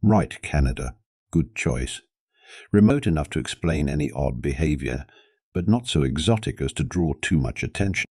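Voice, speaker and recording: A man with a very deep voice voicing a weary, patient human man teaching a group of aliens in an audio story. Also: expressive, normal speed, warm tone, dry recording, clean studio sound, heavily acted. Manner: patient, long-suffering.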